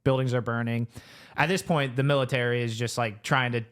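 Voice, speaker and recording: Smooth-voiced man telling a story casually. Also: medium pitch, brisk. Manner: rambling, animated retelling with quoted voices. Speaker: podcast co-host.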